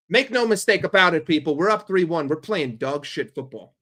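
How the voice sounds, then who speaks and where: A man streaming a football watchalong, calling the play for his chat in a blunt, profane, excitable way. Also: high voice, fairly quick, few pauses. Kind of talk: live play-by-play commentary for a chat.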